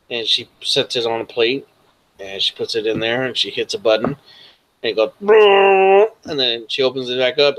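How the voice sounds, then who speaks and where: A man narrates a tabletop game as game master, in a loose, rambling style. His voice sits at an ordinary mid pitch. He pads his narration with fillers as he describes scenes. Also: fairly bright tone.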